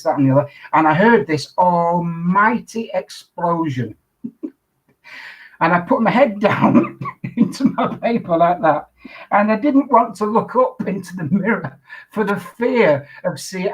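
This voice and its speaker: A man, an undertaker interviewed as a guest, telling his stories in an animated way. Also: sits high, low-quality recording. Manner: animated anecdotal storyteller. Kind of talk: storytelling in an interview.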